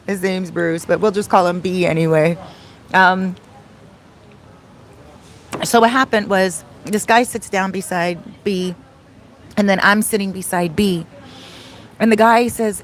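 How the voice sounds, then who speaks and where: A woman's voice: fairly low pitch, measured pace, long pauses. A woman vlogging into her phone in a casual, rambling way, telling a story with frequent laughs and digressions. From Canada. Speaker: travel vlogger and soul coach. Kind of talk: casual chatty vlog storytelling.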